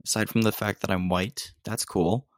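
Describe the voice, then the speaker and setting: A man's voice: lowish voice, fairly even intonation, moderate pace, no echo, studio quality. A young American man hosting a casual solo podcast, rambling in a self-deprecating way with lots of ums and restarts. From United States. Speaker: podcast host.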